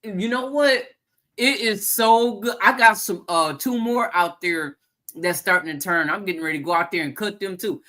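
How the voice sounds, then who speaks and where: An easygoing woman chats casually about her garden, her bright, clear voice often breaking into appreciative "mm"s as she tastes the fruit. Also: medium pitch, moderate pace. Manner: easygoing, savoring food with "mm" sounds. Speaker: guest gardener. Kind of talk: casual chat.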